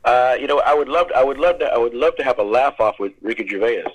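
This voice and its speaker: A man's voice: mid-range voice, fast talker, rough recording. An American man, a guest actor, telling rambling stories in an interview, repeating words and laughing often. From United States. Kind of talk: casual interview storytelling.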